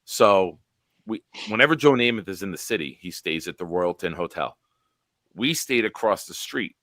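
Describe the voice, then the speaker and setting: Bright forceful guy in his 40s hosting, telling a wild sports story, swears a lot, kinda low voice, dry mic. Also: moderate pace, dry recording. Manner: profane, animated anecdote-telling with quoted dialogue. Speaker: show host. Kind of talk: casual storytelling on a sports talk show.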